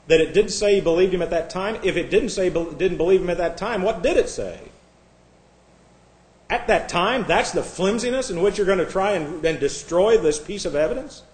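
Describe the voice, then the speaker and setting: A fairly high-voiced man preaching with a combative, sarcastic edge. He shifts between quiet, confiding asides and loud, mocking outbursts. The sound carries a noticeable room echo. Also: animated, normal speed. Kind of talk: sermon.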